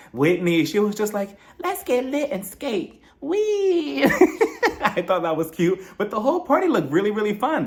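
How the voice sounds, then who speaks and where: A man recapping a reality TV episode in a sassy, gossipy chat, laughing often between remarks. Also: high-pitched. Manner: sassy and gossipy, mimics the cast in quoted lines. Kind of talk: casual recap commentary.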